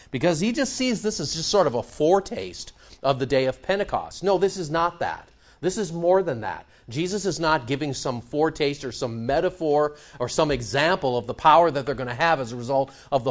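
A man preaching an expository sermon, reading scripture slowly and then explaining it conversationally. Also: on the high side, muffled recording. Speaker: preacher teaching the Bible.

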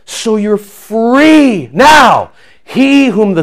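A man preaching a sermon, emphatic and repetitive, swinging from loud declarations to hushed prayer. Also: a little high, very animated, measured pace. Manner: repeats phrases for emphasis. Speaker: pastor.

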